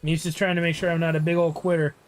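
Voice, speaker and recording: A man's voice: on the high side, flat delivery, quick pace, soft background music. Joking young man streaming a game. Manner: joking, playful, slips into silly bits. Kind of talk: casual live-stream chat.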